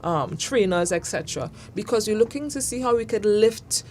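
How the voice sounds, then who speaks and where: A woman's voice: medium pitch, expressive, normal speed, a little mellow, slight background noise. A woman, a police social work manager explaining support services in an earnest, articulate way. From Trinidad and Tobago. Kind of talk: interview explanation.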